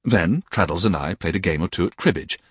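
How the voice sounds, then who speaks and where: A man reading a classic novel aloud with expressive storytelling. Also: low voice, a little fast, slightly rough, dry recording, clean studio sound. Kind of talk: audiobook narration of a classic novel.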